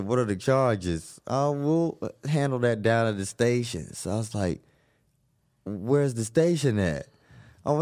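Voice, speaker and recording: A man telling a wild personal story in an animated way, acting out the voices of the people in it, swearing and laughing often. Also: on the low side. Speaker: guest telling his story.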